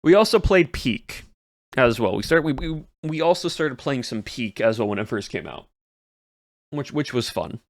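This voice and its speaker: A man's voice: medium pitch, big pitch swings, normal speed, dry recording, clean studio sound. A male streamer chatting casually to his chat as he recaps the year, rambling and repeating words. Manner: rambling, repeats words, trails off mid-sentence.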